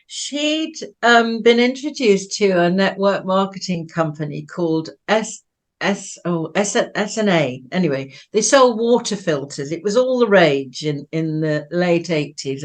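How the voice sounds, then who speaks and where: A woman of about seventy from Manchester, England, recounts her past as an interview guest. She talks in a loose, rambling, chatty way, trailing off and laughing as she goes, and her voice sits a little low for a woman. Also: slow. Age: around 70. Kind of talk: personal storytelling.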